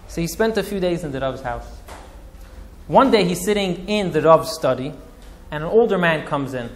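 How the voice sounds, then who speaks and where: A male rabbi recounts a story with drama and feeling, mixing in Yiddish and Hebrew terms. His speaking voice sits somewhat high for a man. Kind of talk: storytelling talk.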